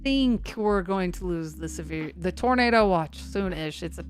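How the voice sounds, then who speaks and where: Hosting a severe-weather livestream, this woman speaks in a lowish voice with lively intonation at a moderate pace. Her talk is casual and rambling, full of self-deprecating replies to the chat. Soft music from a faint looping song sits behind her.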